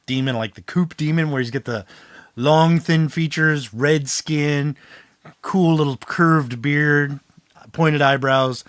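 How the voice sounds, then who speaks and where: A man's voice: a little high, fairly even intonation, slow, fairly bright tone, no echo, studio quality. A man narrating as game master, setting scenes in a loose, chatty way full of fillers.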